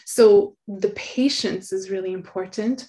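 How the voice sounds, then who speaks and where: A middle-aged woman, an author being interviewed, speaking in an earnest, soft, reflective way and laughing often. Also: medium pitch, measured pace. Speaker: guest, author.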